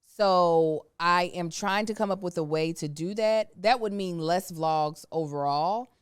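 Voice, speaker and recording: A woman with a low, smooth and resonant voice talks candidly on her podcast. She tells stories with animated, slangy energy, and her voice sounds dry and close to the mic. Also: a little slow, dry recording. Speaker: podcast co-host. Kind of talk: casual podcast chat. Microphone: studio microphone.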